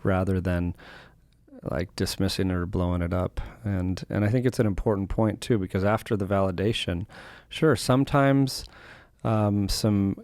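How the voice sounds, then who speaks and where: A man with a very deep voice talks in a relaxed podcast chat, thoughtful and given to little chuckles. The recording is dry and close-miked. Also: moderate pace, no room sound. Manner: reflective, chuckles between points. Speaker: podcast co-host. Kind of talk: casual podcast conversation.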